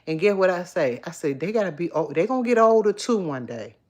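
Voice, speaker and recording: Low-voiced chatty woman livestreaming. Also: animated, brisk. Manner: chatty and candid, reads viewer comments aloud. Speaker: livestream host. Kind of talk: casual live chat with viewers. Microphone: phone.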